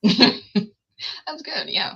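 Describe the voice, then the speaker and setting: A woman's voice: mid-range voice, lively intonation, extremely slow, fairly bright tone, breathy edge, lo-fi sound. A woman host in casual live-stream chat, reacting with short replies.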